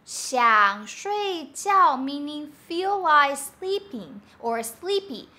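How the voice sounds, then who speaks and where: Woman, language teacher, upbeat, patient explanations, high pitch. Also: big pitch swings, sharp tone. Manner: upbeat, explains slowly with examples. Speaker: Mandarin teacher. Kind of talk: online language lesson.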